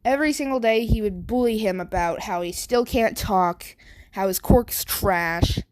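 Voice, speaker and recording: A woman's voice: mid-range voice, unhurried, a little mellow. A woman casually improvising a fan story, rambling and correcting herself as she goes.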